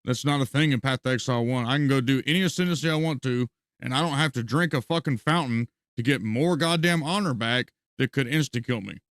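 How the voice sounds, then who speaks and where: A man's voice: medium pitch, a little fast, hardly any pauses, fairly bright tone, dry recording, studio quality. A man streaming a video game, ranting with heavy profanity and bursts of laughter as he comments live.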